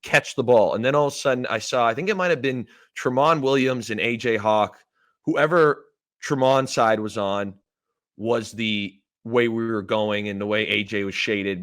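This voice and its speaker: A man in his thirties from Canada, hosting a casual sports podcast, telling a game story in an animated way and acting out quoted lines. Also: lowish voice. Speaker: podcast host, former player.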